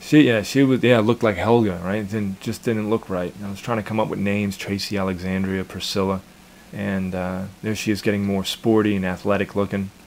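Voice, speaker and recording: A man's voice: lowish voice, steady tone, moderate pace, a little hiss or hum. A man in his thirties, a cartoon creator casually chatting in an interview, rambling and repeating his words with chuckles.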